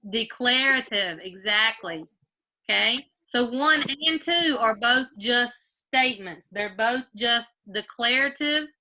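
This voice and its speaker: A woman's voice: a little high, animated, slow, bright, forceful tone. A woman teaching a grade-school class over a video call from home, patiently quizzing pupils by name and repeating her questions.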